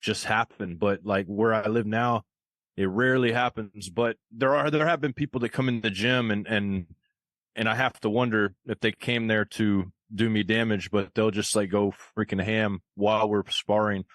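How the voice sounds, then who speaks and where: A man's voice: fairly low pitch, fairly even intonation, normal speed, a bit bright, no echo. A man co-hosting a casual podcast chat, laid-back with casual slang. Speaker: podcast co-host.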